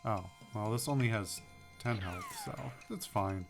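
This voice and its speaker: With music playing behind him, a man doing a let's play reads a comedy western game's text aloud, tossing in wry, offhand asides. His voice is lowish and sing-song, and he keeps a measured pace.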